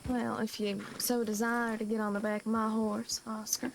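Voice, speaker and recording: Slow-talking woman, put-on posh accent. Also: a little high, little pitch movement, gravelly, a little hiss or hum. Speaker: roleplay player. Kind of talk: in-character roleplay chat.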